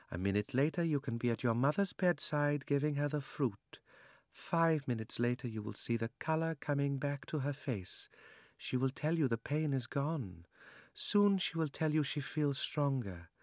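A man's voice: medium pitch, no echo, studio quality, voice pushed up. A man reading an audiobook, voicing a cold, cunning sorceress who coaxes and scorns, her voice sometimes sinking to a whisper. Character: cold tempting sorceress queen, fierce and cunning.

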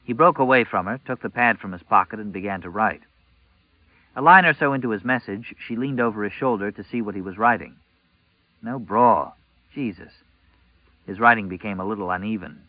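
Low-voiced male audiobook narrator. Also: a little fast, no echo, dull audio. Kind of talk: scripted novel narration.

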